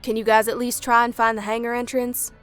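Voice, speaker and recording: A woman's voice: on the high side, level tone, a little fast, fairly bright tone, faint music behind, pitched above the performer's own voice, natural voice. A woman voicing a determined young female agent with a dry, tense manner.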